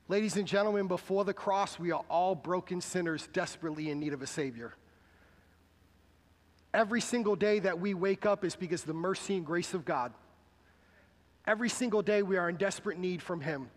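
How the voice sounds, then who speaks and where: A high-pitched male pastor preaches in a church sanctuary, his words carrying a long reverb tail. The sermon is conversational, and he poses questions to the congregation.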